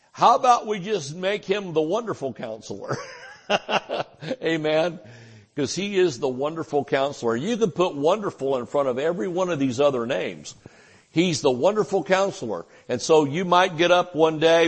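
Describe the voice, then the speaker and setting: An older man preaching with a drawl in a folksy, chuckling way. He acts out short voices and asides as he teaches. His voice sits a little high for a man. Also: breathy edge. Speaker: pastor. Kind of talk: sermon. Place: church.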